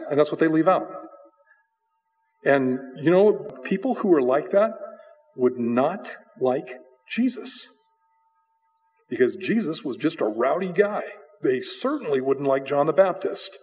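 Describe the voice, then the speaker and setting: A pastor delivers an expository sermon, teaching from the Bible in a loose, conversational style and telling the story bluntly and with animation. His voice is somewhat high for a man, his pace is unhurried, and a long hall reverb lingers behind him.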